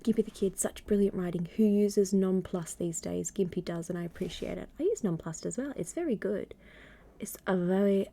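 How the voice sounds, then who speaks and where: A woman streaming live from home at a desk microphone, reading aloud and chatting in a gentle, wry voice that often drops to a half-whisper. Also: mid-range voice, normal speed, vocal fry. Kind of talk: soft-spoken stream reading and chat.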